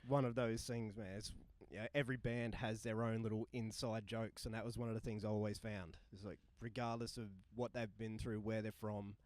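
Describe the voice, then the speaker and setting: A young man telling a tour story with swearing, acting out voices and shouting punchlines. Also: on the low side, little pitch movement, brisk, few pauses. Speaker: touring musician guest. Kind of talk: animated storytelling. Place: live recording in a bar.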